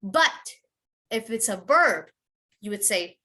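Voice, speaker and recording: Lady teaching word stress online, bright voice kinda high, says each word super slow over and over. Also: animated, slight background noise. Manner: slow, drawn-out demonstration of word stress, repeats words many times; switches into quick Tamil asides. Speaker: English pronunciation teacher.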